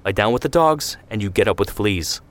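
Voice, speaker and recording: A stern, weary father in an audio story, voiced by a man. His voice is low and commanding, and he talks in proverbs. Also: expressive, a little fast, lightly acted.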